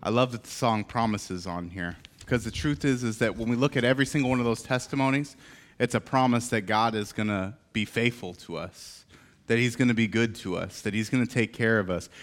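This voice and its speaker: Man preaching a lively sermon. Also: medium pitch, brisk. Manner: lively, calling out cheers. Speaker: pastor.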